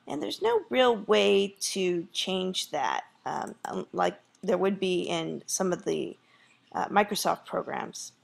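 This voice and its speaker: Teacher lady talking thru a screen demo, kinda gravelly, lots of ums. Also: on the low side, lively intonation, slow pace. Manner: casual, thinks aloud with fillers. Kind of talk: screencast tutorial.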